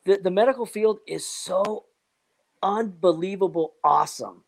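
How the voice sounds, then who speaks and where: A man with a high voice and some vocal fry talks a little slowly in a relaxed, rambling chat. He stays upbeat, tossing in fillers, motivational asides, and frequent repeats of "man" and "you know what."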